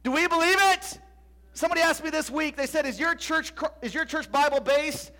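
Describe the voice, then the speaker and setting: Emphatic man preaching a sermon, high-pitched, sometimes goes quiet and whispery. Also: a little fast. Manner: rhetorical questions, emphatic preaching, drops to a whisper at times. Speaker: pastor.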